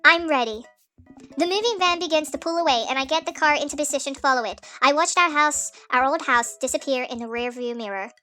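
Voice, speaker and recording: A woman's voice: high voice, brisk, bright, forceful tone, soft background music. A woman reading a game's widowed middle-aged dad who cracks corny jokes and slips into a hammy announcer voice. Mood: wistful.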